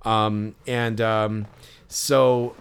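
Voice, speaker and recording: A man's voice: on the low side, level tone, very slow, creaky, smooth. A man hosting a podcast, telling a story in a rambling way, with many fillers and restarts. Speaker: podcast host. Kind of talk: casual podcast chat.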